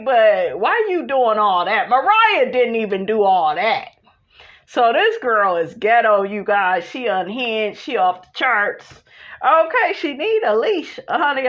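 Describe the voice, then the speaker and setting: A woman giving a casual, sassy recap of a reality TV episode, full of asides and exclamations. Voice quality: animated, sassy, dramatic pitch jumps. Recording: dull lo-fi recording.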